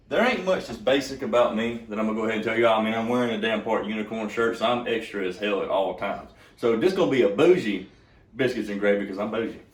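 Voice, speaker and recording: A man's voice: medium pitch, distant mic. Man, brash and foul-mouthed, cooking demo, echoey kitchen, mic set back. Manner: brash, profane, joking. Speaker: cooking vlogger. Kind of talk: casual cooking demo with storytelling.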